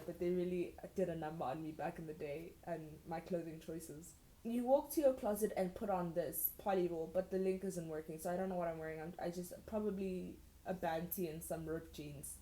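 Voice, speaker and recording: In a roomy, echoey space, a young woman YouTuber with a fairly low, dark voice reads old fan fiction aloud. Between the read passages, she breaks off for sarcastic, incredulous asides.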